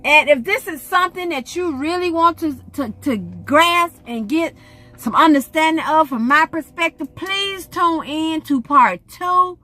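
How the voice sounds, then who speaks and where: A woman's voice: sits high, animated, a little slow, bright, forceful tone, no room sound. A middle-aged woman, giving an emphatic, preacherly faith testimony to her vlog audience. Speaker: vlogger.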